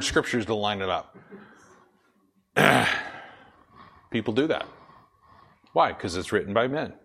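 A man with a somewhat low voice preaches a sermon. He is emphatic, slows right down to press a point home, and poses questions to answer them himself. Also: creaky, a bit bright.

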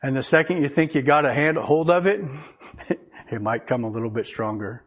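A man's voice: medium pitch, a little fast. A man preaching a conversational sermon, folksy and chuckling often as he reads scripture aloud. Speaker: pastor.

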